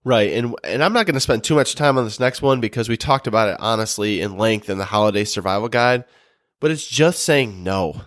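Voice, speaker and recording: A man co-hosting a relationship podcast, talking in an earnest, relaxed way with many restarts. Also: fairly low pitch, brisk, no room sound, studio quality. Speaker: podcast co-host. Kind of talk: casual advice talk.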